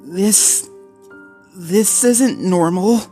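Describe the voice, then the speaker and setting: A man voicing a young female husky pup who talks in a worried, shivering way while reading a horror story aloud. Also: a little high, lively intonation, unhurried, darkish tone, faint music behind, voice pushed up.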